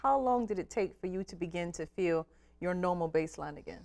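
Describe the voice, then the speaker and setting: A woman's voice: on the low side, lively intonation, fairly quick, darkish tone. A woman hosting an interview, asking probing questions and interjecting often to ask for more detail. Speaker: host.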